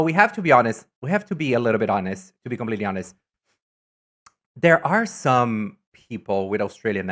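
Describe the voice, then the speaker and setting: A woman streamer in casual live-stream chat, talkative and teasing, answering chat messages with sudden high, loud exclamations. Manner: chatty, reacts to chat messages with loud teasing jumps in pitch.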